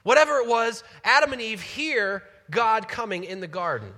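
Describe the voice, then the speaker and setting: Bright-voiced, animated man teaching the Bible. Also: high-pitched, moderate pace, in a large hall. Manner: animated, enthusiastic, conversational.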